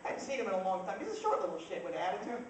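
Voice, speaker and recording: A woman's voice: medium pitch, very animated, very fast. Brash profane woman comic from New Jersey. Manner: brash, profane, punchy storytelling. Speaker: stand-up comedian. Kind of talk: stand-up comedy set. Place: club room with a laughing audience. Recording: distant, echoey live-room recording. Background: loud crowd laughter and noise.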